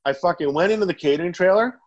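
A Canadian man, guesting in a casual chat, spins long, profane, rambling stories with lots of animation. His voice sits high and comes out rapid-fire, with lo-fi audio.

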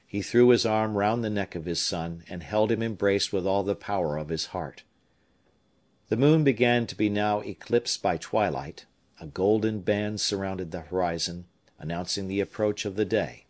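A male audiobook narrator reading a classic novel in measured, expressive storytelling. His voice sits low yet moves through a wide, lively pitch range. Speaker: audiobook reader. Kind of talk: scripted narration.

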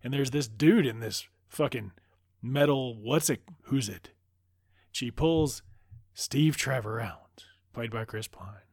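A man's voice: medium pitch, slow, darkish tone, dry recording, clean studio sound. A man giving a profane, sarcastic comedic movie recap full of rambling asides.

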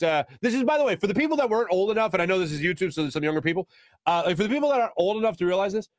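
A man hosting a sports talk show, talking with a fairly high voice. He tells stories in an animated, rambling way, full of quick asides. The studio sound is close and dry, with no room around the voice. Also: no room sound. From Philadelphia. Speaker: sports radio host. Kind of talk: casual sports talk, storytelling.

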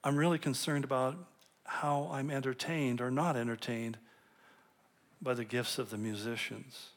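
A man's voice: mid-range voice, steady tone, normal speed. A male pastor giving a conversational sermon, telling stories with light humor and often restarting and repeating words as he builds a point.

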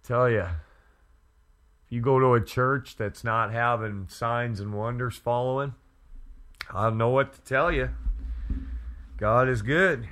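A man who is a pastor, telling an earnest testimony story slowly and with emphasis. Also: mid-range voice, fairly bright tone.

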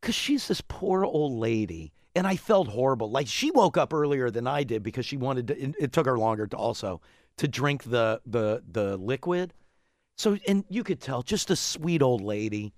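Podcast host brief: man, rambling storyteller, lively pitch swings, dry close sound. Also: moderate pace, no room sound. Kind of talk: casual chat.

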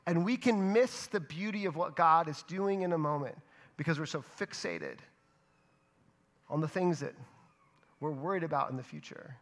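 Male pastor, sermon delivery: expressive, loud-to-soft swings, deliberate pauses. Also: fairly high pitch. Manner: expressive preaching, swings between loud emphasis and hushed delivery; speaks in short phrases with dramatic pauses.

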